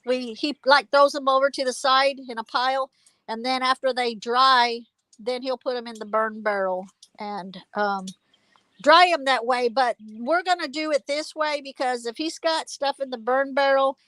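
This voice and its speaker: Loud, chatty high-voiced woman. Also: moderate pace, no echo, low-quality recording. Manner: loud, chatty, rambling with fillers. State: hard of hearing. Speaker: channel host. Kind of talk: casual live phone stream. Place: outdoor backyard garden. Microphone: phone held while walking.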